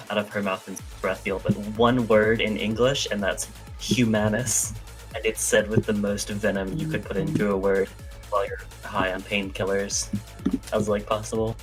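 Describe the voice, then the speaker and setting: A tabletop player with a lowish voice who talks through his character's moves in a relaxed third-person way. Clear music plays behind him. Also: moderate pace. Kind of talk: casual tabletop game play.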